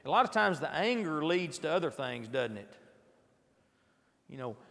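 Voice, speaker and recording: Man preaching with a gravelly voice in a reverberant church. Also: fairly high pitch, sing-song, normal speed, sharp tone. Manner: conversational, asks the audience rhetorical questions, frequent restarts. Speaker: preacher leading a midweek Bible class. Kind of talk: informal sermon. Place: church auditorium.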